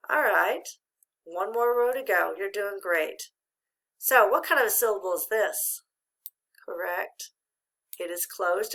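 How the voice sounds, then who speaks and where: A woman's voice: medium pitch, creaky, pushed and bright. A middle-aged woman teaching a patient, encouraging phonics lesson to a child. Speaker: reading teacher.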